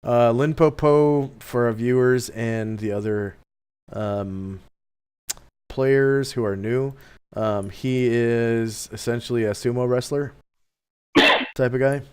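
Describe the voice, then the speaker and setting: A man narrating as game master of an online tabletop game, in a relaxed, meandering way with many ums. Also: mid-range voice, slow pace, clean tone. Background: faint music.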